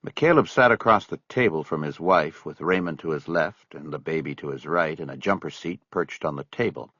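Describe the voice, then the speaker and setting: A man reading an audiobook as narrator in an expressive storytelling way. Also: a bass voice, normal speed, husky, no echo, muffled recording. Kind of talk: scripted narration.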